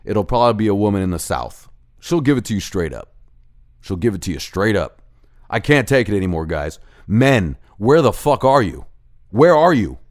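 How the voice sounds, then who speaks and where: A man hosting a ranting monologue, profane and heated, acting out bits of dialogue as he goes. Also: mid-range voice. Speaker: host of a rant show.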